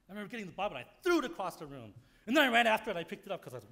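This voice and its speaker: A male pastor delivers a sermon in a frank, storytelling way. His pitch sits a bit high and moves all over the place. He drops to quiet asides, then breaks into loud outbursts. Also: sing-song, very fast, vocal fry, slight background noise.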